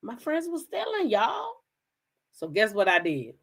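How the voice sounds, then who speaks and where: A woman from the DC hosting a casual livestream, telling stories straight to her viewers in an animated, profane way. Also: fairly high pitch, measured pace, vocal fry. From Kensington, Maryland, near Washington DC. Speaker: livestream gossip host. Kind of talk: casual chat with live viewers.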